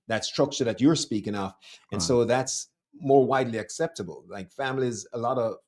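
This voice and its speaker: A man from Jamaica with a lingering Jamaican accent and a somewhat low voice, speaking as an interview guest. He lays out his ideas slowly and thoughtfully. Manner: thoughtful, measured explanation. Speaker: guest, life coach. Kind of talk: conversational interview.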